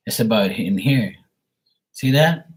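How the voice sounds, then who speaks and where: A man's voice: lowish voice, animated, slow pace. A man who reads tarot on a live stream, ranting bluntly and profanely to his viewers. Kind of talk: casual rant to viewers.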